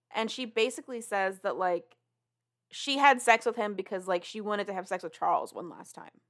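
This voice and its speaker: A woman's voice: medium pitch, moderate pace. A woman in the middle of her vocal range works through a book's plot for her podcast co-host, talking in long rambling runs. Her tone stays casual and loose, and she drops swear words freely as she retells the story. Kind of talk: casual book recap chat.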